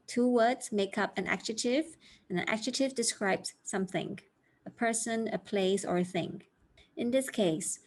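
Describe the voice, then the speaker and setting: A woman leads an online English pronunciation lesson at an unhurried pace. She enunciates each word slowly and deliberately and repeats it so listeners can follow along. Her voice sits at a moderate pitch. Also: darkish tone. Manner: slow, careful enunciation, modeling words for repetition.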